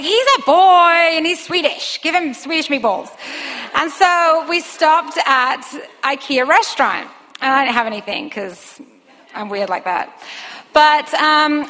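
A woman in her thirties tells a personal story in an earnest, rambling way, often restarting her sentences. Her voice is bright and sits a little high. The recording rings with the long reverb of a hall. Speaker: mother sharing a personal testimony.

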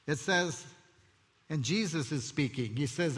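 A man preaching a sermon as pastor, expressive and conversational, telling stories with asides. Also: fairly high pitch, unhurried. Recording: long hall reverb.

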